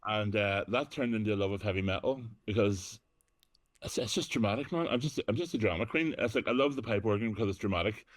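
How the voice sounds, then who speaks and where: A man's voice: lowish voice, fast talker, no echo. A middle-aged man from Northern Ireland, chatting casually as an interview guest, self-deprecating with frequent ums. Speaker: guest, actor and DJ.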